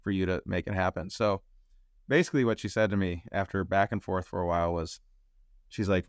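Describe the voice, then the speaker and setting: A man telling a personal story as a podcast guest, acting out the voices of other people and jumping up in pitch when excited. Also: brisk, clean tone, no room sound, studio quality. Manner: acts out quotes, rises sharply in pitch when excited. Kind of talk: animated storytelling.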